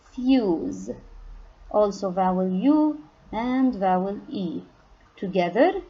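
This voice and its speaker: Slow, patient woman teaching phonics. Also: mid-range voice, husky, highs cut off. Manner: slow, patient, stresses target words loudly. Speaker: kindergarten English teacher. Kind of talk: phonics lesson for young children.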